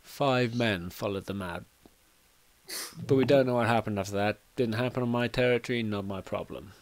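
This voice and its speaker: A man voicing a shifty male barman in a seedy tavern, talking low and confidingly. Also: normal speed, lightly acted. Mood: offhand.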